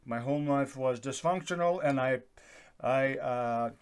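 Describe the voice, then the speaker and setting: A middle-aged man hosting his own video channel, talking in a casual, rambling way with plenty of "uh" fillers and a loud, projecting voice. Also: medium pitch, unhurried, clean tone. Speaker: YouTube channel host. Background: accordion folk music playing faintly.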